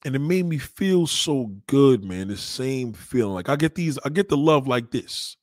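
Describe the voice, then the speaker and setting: A man talking casually on his livestream, rambling and emphatic, swearing often and swinging between loud and quiet. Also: mid-range voice, expressive, normal speed, no echo, studio quality. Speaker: livestreamer taking donations.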